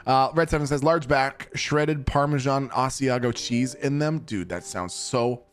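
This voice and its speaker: A man's voice: medium pitch, unhurried. A young man streaming a game and chatting casually with viewers, laid-back, swearing and laughing a lot. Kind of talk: casual chat while gaming. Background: game music.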